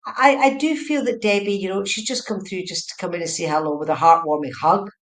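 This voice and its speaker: A woman's voice: on the low side, fairly quick. A woman giving a live online tarot and mediumship reading, chatty and repetitive, often checking whether her words make sense. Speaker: psychic medium. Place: indoors at home, room with a heater. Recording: echoey room.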